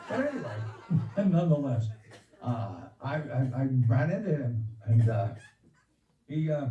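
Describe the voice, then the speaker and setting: A man's voice: on the high side, dark tone, echoey room, distant mic, low-quality recording. An older man doing stand-up over a video call, rambling and chuckling at his own jokes. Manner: rambling, laughs at his own jokes, acts out voices in a joke. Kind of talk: stand-up joke telling.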